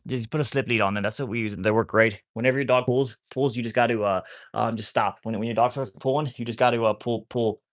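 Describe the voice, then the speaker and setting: A man's voice: mid-range voice, fairly even intonation, quick pace, few pauses. A man rambling casually to viewers on a live stream about rescuing wolfdogs, often cooing at his dogs.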